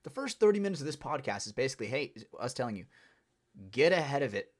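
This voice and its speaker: A man's voice: medium pitch, sing-song, fast. A man chatting casually on a podcast, rambling with lots of "dude" and "you know". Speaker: podcast co-host.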